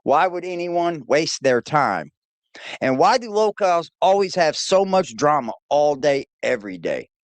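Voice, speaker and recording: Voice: mid-range voice, very animated, a little slow, no room sound. A reaction-stream host, giving casual, profane, mocking commentary over a clip.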